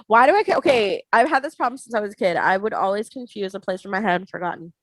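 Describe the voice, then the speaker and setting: A woman's voice: medium pitch, fast, no echo, rough recording. Giggly chatty woman, dry sound. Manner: chatty, giggly, rambling, makes silly sound effects. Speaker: podcast co-host. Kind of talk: casual chat.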